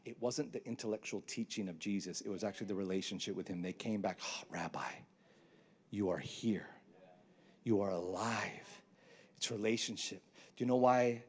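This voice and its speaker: Speaking in a low, slightly rough voice, a pastor preaches on a church stage. He's animated and joking, dramatizing Bible scenes and quotes with put-on voices.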